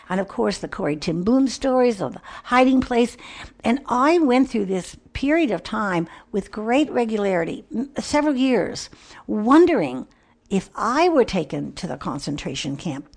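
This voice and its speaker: A woman's voice: mid-range voice, creaky. An older woman giving a devotional talk in an earnest, reflective way. She sometimes drops to a near whisper. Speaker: Christian speaker.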